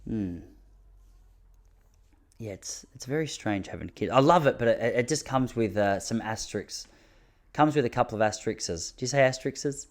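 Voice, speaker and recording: An Australian man in his thirties, hosting a podcast and telling rambling, self-mocking comic stories with quick asides. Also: medium pitch, lively intonation. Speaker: podcast host. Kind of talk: comic storytelling monologue.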